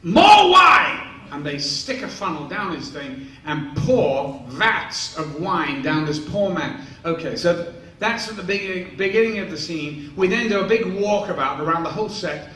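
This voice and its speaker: At a large convention hall Q&A, a man in his sixties tells rambling anecdotes with evident amusement, acting out the quotes for the live audience. His voice is a little high with a fairly bright tone, at normal speed. The recording is echoey, from a distant mic, with faint noise.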